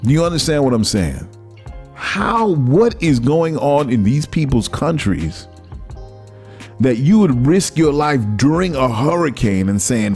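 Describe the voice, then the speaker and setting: A man's voice: medium pitch, big pitch swings, unhurried, a little mellow, faint music behind. A man hosting a solo commentary show, talking in a heated, ranting way full of rhetorical questions. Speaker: podcast host.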